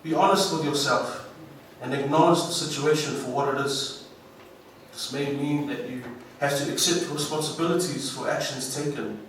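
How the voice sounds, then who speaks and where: A man with a New Zealand accent giving an inspirational graduation speech, slow and emphatic, heard from far off through a hall's speakers. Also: on the high side, slight background noise. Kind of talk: ceremonial speech. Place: large school hall. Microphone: PA microphone, recorded from the audience. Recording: echoey hall from far off.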